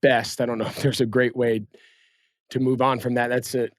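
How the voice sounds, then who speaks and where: A man with a mid-range voice hosts a podcast and answers in a measured, sympathetic way. His voice sounds dry and close. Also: mid-range voice, little pitch movement, no room sound. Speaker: podcast host. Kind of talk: casual interview chat.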